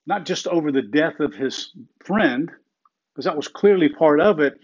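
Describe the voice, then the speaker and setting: A middle-aged man preaching a sermon in an earnest way, slowing down and repeating phrases for emphasis. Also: fairly high pitch, a little mellow, muffled recording. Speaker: pastor.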